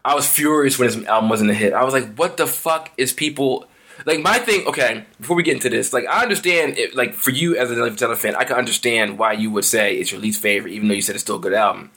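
A man's voice: fairly low pitch, very fast, few pauses, bright, forceful tone, husky. A young man co-hosting a podcast, talking heatedly and emphatically about music and swearing a lot. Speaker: podcast co-host. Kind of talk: casual music discussion.

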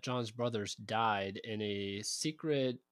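A man's voice: on the low side, takes it slowly, fairly bright tone, no room sound. Male podcast co-host, plain explainer of history, close and dry sound. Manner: explanatory, matter-of-fact storyteller. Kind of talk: casual history podcast narration.

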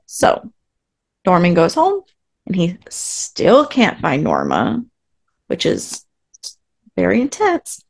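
A woman's voice: fairly low pitch, slow, gravelly, long pauses, breathy edge. A woman co-hosting a podcast, recapping a TV episode in casual chat with sarcastic asides. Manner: animated, sarcastic asides, acts out quotes. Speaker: podcast co-host.

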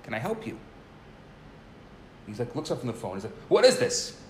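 A man teaches and tells a story to a small group in a relaxed, casual way, often repeating his opening words. His pitch moves a lot, and the room adds a clear echo with a faint hum of background noise behind him. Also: brisk. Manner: animated, repeats words when starting sentences.

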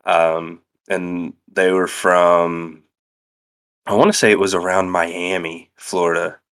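A man's voice: sits low, flat delivery, takes it slowly, a bit bright, smooth. A young man from central Indiana, telling stories in casual chat, swearing freely and laughing often. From central Indiana, USA.

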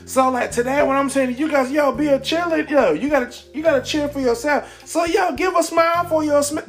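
A man hosting a casual, upbeat motivational talk, rambling excitedly with lots of fillers. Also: very high voice, brisk, faint music behind. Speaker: podcast host. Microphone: camera mic.

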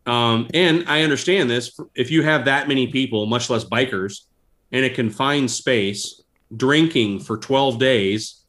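A man telling stories in a casual interview, animated and laughing as he goes. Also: mid-range voice, unhurried. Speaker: guest. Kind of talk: casual storytelling.

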